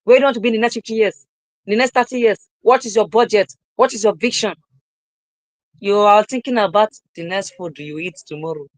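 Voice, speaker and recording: A young man giving a live-streamed motivational talk, repeating his lines emphatically and rising at times to shouts. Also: sits high, a little fast, dry recording, rough recording. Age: young adult. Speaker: motivational speaker.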